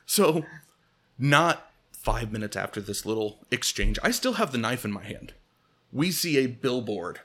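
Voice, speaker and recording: A man's voice: medium pitch, big pitch swings, unhurried, fairly bright tone. A man telling a comic personal story as podcast host, acting out quotes, swearing and laughing often.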